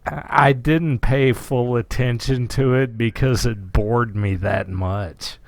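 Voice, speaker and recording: Slow, gravelly-voiced man. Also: medium pitch, fairly even intonation, no room sound. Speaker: podcast co-host. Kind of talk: casual chat.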